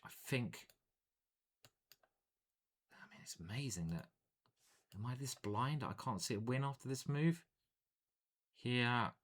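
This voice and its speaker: A man with a lowish voice talks through his chess moves as he plays them. He thinks aloud in a lively, joking manner and keeps up a steady, cheeky patter. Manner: animated, playful, thinking aloud. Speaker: chess grandmaster commentating his own games. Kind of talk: live chess commentary while playing.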